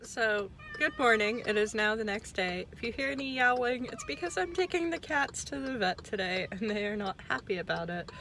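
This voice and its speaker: A woman's voice: fairly high pitch, expressive, moderate pace, few pauses, pushed and bright, a little hiss or hum. A young woman vlogging casually about her reading week, chatty and self-deprecating, swearing now and then. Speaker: book vlogger. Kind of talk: casual vlog chat.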